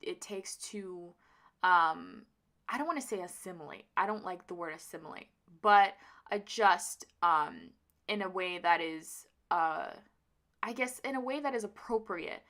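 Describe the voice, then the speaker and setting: A woman's voice: mid-range voice, a bit bright. A young woman telling a personal story on her vlog in a casual, rambling way, full of fillers and restarts, emotional and close to tears. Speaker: vlogger.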